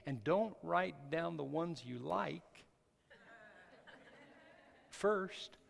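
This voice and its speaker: A man's voice: on the high side, takes it slowly, creaky, long pauses. A male pastor preaching a sermon in a church, emphatic, often restarting his phrases. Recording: hall reverb with faint music.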